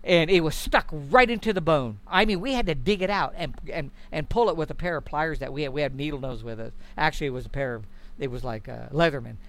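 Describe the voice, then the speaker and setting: A middle-aged man tells a story in a slightly high voice, animated and folksy. He slips into the voices of the people he quotes as he goes. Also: fast talker. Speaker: guest elk hunter. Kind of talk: storytelling in conversation.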